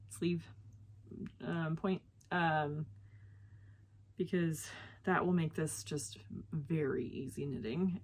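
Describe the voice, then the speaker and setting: Young female vlogger, slightly low voice, loose and rambling, thinks aloud and trails off. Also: a little hiss or hum. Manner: chatty, lots of fillers and self-corrections. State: slightly out of breath. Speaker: knitting podcast host. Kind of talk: casual chat to camera.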